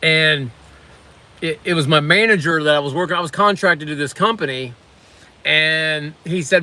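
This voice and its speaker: Bright-voiced chatty livestream host. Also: male voice, fairly high pitch, fairly quick. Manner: rambling, chatty, reads comments aloud. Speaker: livestream host reviewing snacks. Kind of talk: casual livestream chat. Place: on lunch break at a waterfront work site.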